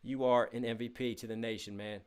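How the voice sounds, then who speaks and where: His smooth, medium-pitched voice has little pitch movement and runs a little fast as this young man hosts a casual livestream. Reading donations and chat messages, he stays upbeat despite a hint of tiredness, firing off excited shout-outs to chat.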